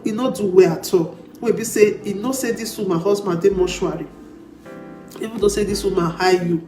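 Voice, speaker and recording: A woman's voice: mid-range voice, dark tone. A woman speaking Nigerian Pidgin, hosting and commenting on a clip in a lecturing way. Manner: lecturing, drawing lessons. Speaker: channel host. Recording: roomy echo with faint music.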